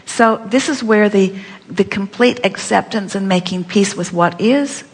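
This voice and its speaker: A woman's voice: medium pitch, measured pace, husky. A woman leading a live seminar, teaching with playful, repeated rhetorical questions. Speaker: seminar speaker. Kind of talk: inspirational workshop teaching. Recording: long hall reverb.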